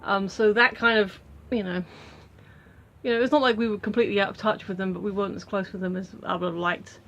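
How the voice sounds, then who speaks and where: British woman vlogger, casual rambling talk with lots of ums, mid-pitched voice. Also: steady tone, fast, fairly bright tone, muffled recording. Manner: rambling with many ums and restarts. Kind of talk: casual chat to camera.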